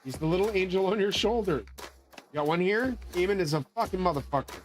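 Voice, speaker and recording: A man's voice: high voice, lively intonation, fairly quick. Swearing, ranting man with a raised voice. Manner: angry, swearing, grandiose ranting. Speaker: channel host. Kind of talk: profane rambling monologue.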